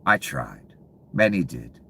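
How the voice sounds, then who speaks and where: A man delivering a profane, angry political rant to viewers, dropping to low mutters and then bursting out loud. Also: sing-song, takes it slowly, slight background noise. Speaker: commentary channel host.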